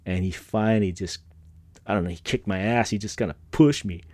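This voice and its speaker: A man's voice: lowish voice, a little fast, a little mellow, no echo. A middle-aged man hosting a podcast, telling personal stories in a laid-back, rambling way with slang and frequent laughter. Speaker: podcast host. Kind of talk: casual personal storytelling.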